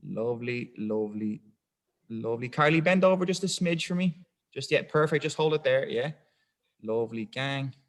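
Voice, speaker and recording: A man's voice: mid-range voice, animated, normal speed, reverberant. Man coaching a weightlifting class. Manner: encouraging, counts down and calls positions. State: out of breath. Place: gym.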